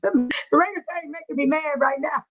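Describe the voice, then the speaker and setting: A woman's voice: high voice, fairly quick, fairly bright tone, muffled recording. A woman hosting a live chat, reading viewer comments aloud and often breaking into laughter, speaking in a folksy, churchy way. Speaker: livestream host.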